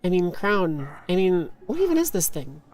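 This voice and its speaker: A woman's voice: on the low side, sing-song, normal speed, a little mellow. A young woman streaming a video game, joking playfully and laughing often in casual chat. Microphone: headphones with a desk mic.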